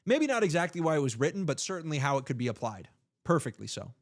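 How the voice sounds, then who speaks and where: A man's voice: a little high, very animated, fast talker. A young man hosting a political livestream, speaking emphatically with rhetorical questions and playful asides. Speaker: livestream host.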